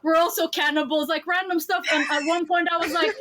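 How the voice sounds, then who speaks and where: A woman's voice: high-pitched, fast, hardly any pauses, slight background noise. A woman telling funny stories in casual podcast chat, giggling and swearing. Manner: giggly, deadpan storytelling. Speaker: podcast guest.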